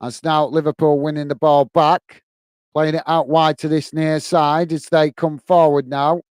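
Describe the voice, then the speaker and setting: A British man with a fairly high, smooth, clear voice runs live fan commentary on a football match. He talks straight to his viewers, calls everyone "mate", and speaks bluntly. The sound is dry and close, with no room around it. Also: little pitch movement, measured pace, darkish tone, no echo. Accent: British English. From England. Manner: calls "mate" often, blunt and chatty, gets openly irritated.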